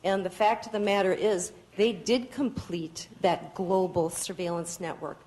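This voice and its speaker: A woman speaks at a public hearing in an earnest, pleading way and sounds tired. Her voice sits a little low. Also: steady tone, a little slow, a little mellow, rough recording. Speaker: public commenter.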